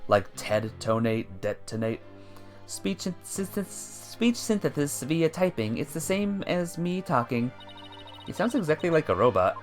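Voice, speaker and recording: A man's voice: a little high, big pitch swings, moderate pace, soft background music. A man streaming a courtroom game, giving casual, chatty commentary to viewers.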